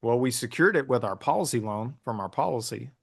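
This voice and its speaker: A man as an interview guest, telling a story in a relaxed way with plenty of ums and restarts. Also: medium pitch, a little fast, creaky, slightly rough. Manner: relaxed storytelling with many fillers. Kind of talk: casual interview conversation.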